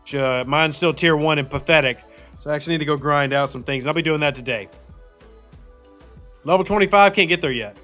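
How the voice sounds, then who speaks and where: A man with a fairly high voice hosts a live game stream, chatting in a quick, upbeat way and greeting viewers one by one. The audio is slightly dull and lo-fi, with faint music underneath. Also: sharp tone. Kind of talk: casual live-stream chat.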